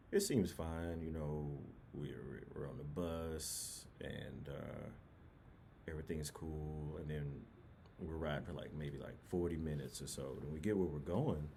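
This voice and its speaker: A man's voice: a bass voice, gravelly, warm tone, a little hiss or hum. A young man from New Orleans casually telling a personal story in a rambling, laid-back way with many fillers.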